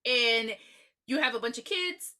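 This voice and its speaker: A woman co-hosting a movie-review podcast, swearing freely and joking as she retells the story. Her pitch swings widely and sits a little high, and her tone is bright and sharp. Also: unhurried. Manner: profane, joking, animated retelling. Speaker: podcast co-host. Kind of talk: casual movie review chat.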